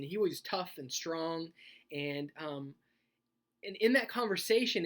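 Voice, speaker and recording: A man speaking as a youth pastor in a sermon video. He talks in a conversational, animated way and tells a personal story, laughing as he goes. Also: on the high side. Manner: conversational, animated, laughs while telling stories.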